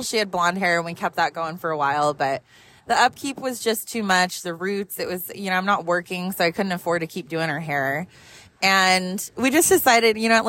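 Animated mom telling a story while driving. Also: female voice, on the low side. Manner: animated, profane, laughs often. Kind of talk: casual storytelling vlog.

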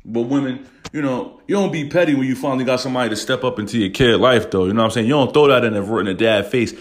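A man's voice: mid-range voice, fast. A man hosting a casual podcast, talking bluntly and emotionally, swearing a lot and often saying "you know what I'm saying". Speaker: podcast host.

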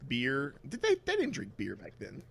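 Man, podcast host, casual chat, rambling, laughing, animated. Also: mid-range voice, moderate pace, creaky, husky.

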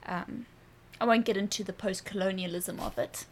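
A young woman from Durban in a casual podcast chat, chatty and giggly, who often breaks into animated voices when she quotes someone. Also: mid-range voice, moderate pace, a little hiss or hum. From South Africa (Durban). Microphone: podcast mic.

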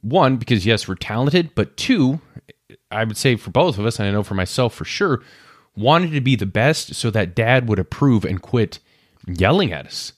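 A man's voice: medium pitch, lively intonation, moderate pace, dry recording, clean studio sound. A man in his thirties hosting a podcast, talking candidly and reflectively about his own past and acting out his inner voices. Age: 30s. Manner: candid, self-searching, acts out inner voices. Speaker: podcast host. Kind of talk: personal reflective monologue.

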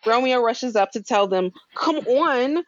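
A woman's voice: fairly high pitch, unhurried, no echo. Chatty woman recapping a show, dry lo-fi sound. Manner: animated storytelling with laughs and slangy asides. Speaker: podcast co-host recapping a show. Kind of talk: casual chat.

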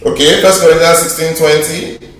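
Male Bible class teacher, high voice, lively and emphatic, heard from afar in a very echoey hall. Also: moderate pace, recorded from a distance, soft background music. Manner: animated, emphatic, teasing questions.

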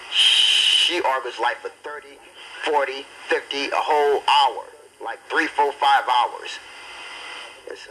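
A man hosting his own homemade party-line show on tape, hyped and excitable, repeating himself and trash-talking callers. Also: medium pitch, a little hiss or hum, rough recording. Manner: loud and excitable. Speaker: amateur DJ host.

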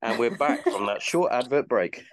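A man's voice: medium pitch, huge pitch swings, moderate pace, vocal fry, dry recording. A man hosting a podcast, chatting casually in a rambling way and swearing freely. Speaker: podcast host. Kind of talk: casual chat.

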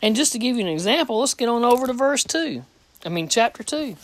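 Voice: mid-range voice, very animated, fast. A preacher giving a plain-spoken, folksy sermon, reading scripture aloud and repeating phrases for emphasis.

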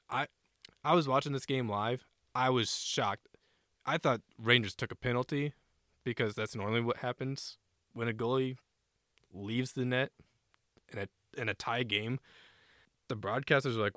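A man co-hosting a casual sports podcast, animated and a bit profane, often acting out players' shouted lines. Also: mid-range voice, moderate pace, pauses often, no room sound, clean studio sound. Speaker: co-host.

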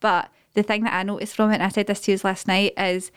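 A woman's voice: mid-range voice, level tone, fast talker, clear, resonant tone, no room sound, studio quality. A woman co-hosting a podcast, chatting casually and musing aloud with plenty of fillers. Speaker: podcast co-host. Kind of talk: casual chat.

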